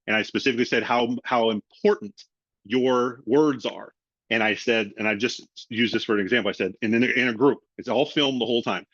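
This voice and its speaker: A man's voice: fairly low pitch, no room sound. Middle-aged guy doing sales training, acts out phone calls, dry slightly muffled audio. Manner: animated, acts out both sides of sales calls. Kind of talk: webinar training talk.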